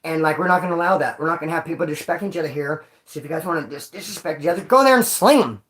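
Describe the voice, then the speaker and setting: A man's voice: on the high side, animated, racing, a bit bright. A man talks straight to his viewers in a loose, rambling storytelling vlog. He leans on street slang, calls everyone homeboy and dog, and keeps cracking jokes as he goes. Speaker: vlogger telling prison stories.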